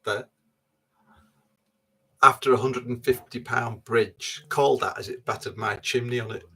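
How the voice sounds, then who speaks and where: A man's voice: mid-range voice, husky. A man co-hosting a casual live stream, joking and chatting. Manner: lively, joking, quick to laugh. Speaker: co-host. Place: narrowboat cabin.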